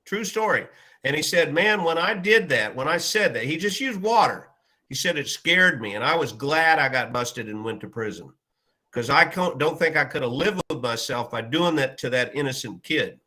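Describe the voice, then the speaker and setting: A man's voice: on the high side, lively intonation, moderate pace, pushed and bright. A man telling an anecdote in casual chat, quoting the people he spoke with. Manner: recounts anecdotes with quoted dialogue. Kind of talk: casual storytelling.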